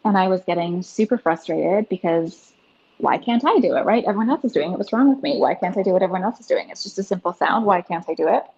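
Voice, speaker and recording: Woman, 30s, podcast guest; chatty, earnest storyteller, low-ish voice, muffled lo-fi audio. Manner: earnest and animated, peppered with "like". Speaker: podcast guest, breathwork facilitator. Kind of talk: casual interview storytelling. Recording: dull lo-fi sound.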